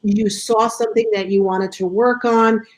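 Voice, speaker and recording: A woman's voice: medium pitch, steady tone, normal speed, poor audio. A woman hosting an interview who sums up her guest's story in a supportive, reflective way. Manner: affirming, reflective summarizing. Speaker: interview host. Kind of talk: casual interview.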